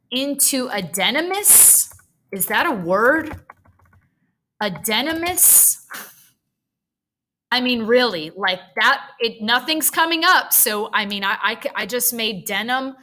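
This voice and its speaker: A woman's voice: on the high side, sharp tone. A woman tutoring writing, thinking aloud as she drafts a paragraph, chatty and self-correcting with nerdy asides.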